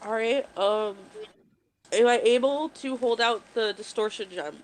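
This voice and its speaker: A woman's voice: on the high side, unhurried, poor audio. A woman as a player in a tabletop game, speaking with hesitant fillers.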